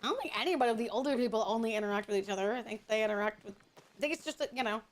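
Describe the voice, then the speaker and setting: Woman streamer, high voice, rambling, casual chat with viewers. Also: rapid-fire. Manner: chatty, rambling, talks to chat.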